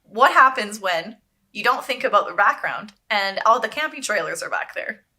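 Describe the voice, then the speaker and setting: A woman's voice: medium pitch, expressive, normal speed, sharp tone. A woman co-hosting a podcast as a wedding photographer, chatting casually and walking listeners through a scene. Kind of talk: casual chat.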